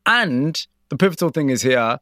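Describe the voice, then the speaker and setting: Male host-narrator, measured, probing questions; dry, close sound. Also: on the high side, very animated, fairly bright tone, no room sound. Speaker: interviewer and narrator. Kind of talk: documentary-style interview and narration.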